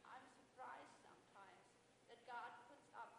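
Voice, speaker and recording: A woman's voice: a little high, a little slow, creaky, fairly bright tone. A woman in the audience tentatively posing a question at a lecture. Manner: tentative, musing. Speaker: audience member asking a question. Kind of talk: question from the floor. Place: lecture hall. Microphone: far from the microphone. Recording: distant voice in an echoey, noisy hall.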